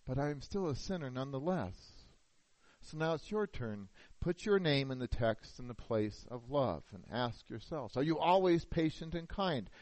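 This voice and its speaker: A man's voice: mid-range voice, animated, moderate pace, darkish tone, no room sound, low-quality recording. Man, middle-aged pastor, sermon, earnest rhetorical questions, dry sound.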